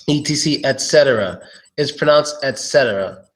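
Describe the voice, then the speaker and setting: A man teaching English pronunciation on a live stream, relaxed and thinking aloud, slowly repeating each word. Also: mid-range voice, vocal fry.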